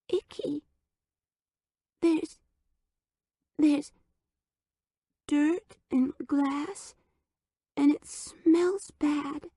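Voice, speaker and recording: A woman's voice: high voice, dark tone, no echo, studio quality, pitched above the performer's own voice. A woman voicing a frightened little girl whose voice is quavery and lisping.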